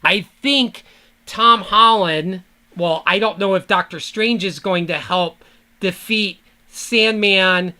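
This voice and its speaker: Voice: medium pitch, slow pace, pushed and bright. A podcast host giving a rambling, profane solo fan rant that keeps trailing off.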